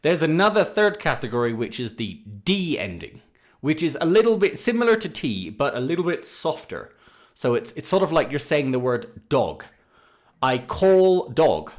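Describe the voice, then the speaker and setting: Man, podcast pronunciation teacher, animated lilt and slightly raised pitch, demonstrative. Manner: lively, demonstrative, drawn-out example words. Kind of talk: podcast lesson.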